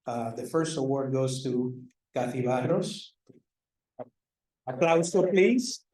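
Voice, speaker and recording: A man's voice: medium pitch, a little slow, warm tone. Joking man presenting awards in an echoing hall. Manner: joking, self-deprecating, loose. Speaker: department chair presenting awards. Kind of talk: ceremony speech. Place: large banquet hall. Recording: echoey hall, mic far off.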